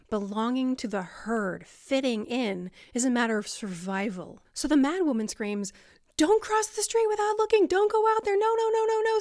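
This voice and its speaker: A woman's voice: fairly high pitch, no room sound, clean studio sound. A woman explaining self-compassion to camera in a casual, conversational way, with many fillers. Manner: conversational, lots of fillers, acts out voices.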